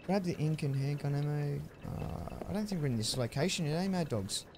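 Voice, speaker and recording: A man's voice: a little high, expressive, a little fast, background noise. A man streaming a horror game, chatting casually in slang and greeting viewers by name as he plays. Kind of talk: casual let's-play commentary.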